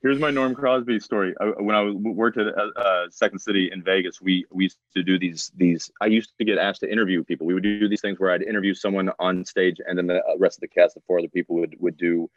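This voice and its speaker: A man's voice: deep voice, steady tone, fast talker, few pauses, no room sound, muffled recording. A man guesting on a talk podcast, telling long anecdotes in a stop-start way with many restarts.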